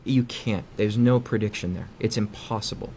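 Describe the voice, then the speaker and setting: A man with a fairly low voice explains how people behave, in an easy conversational way. He slips into quoted dialogue with shifting inflection. A faint background noise sits under the recording. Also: normal speed, gravelly, mellow. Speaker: guest psychologist.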